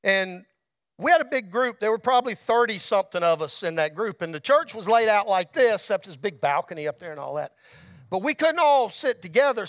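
A middle-aged man telling a testimony story in a church, folksy, dropping to a hush and rising to shouts. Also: high-pitched, dry recording, studio quality. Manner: folksy storyteller, drops to a hush at tender moments, rises to shouts. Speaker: motorcycle ministry speaker. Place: church hall.

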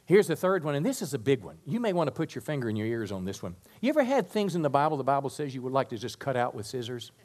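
A pastor preaching a sermon to a congregation, lively and humorous, then softening into quiet prayer. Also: male voice, mid-range voice, fast talker, hardly any pauses. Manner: animated preaching, dropping to soft prayer.

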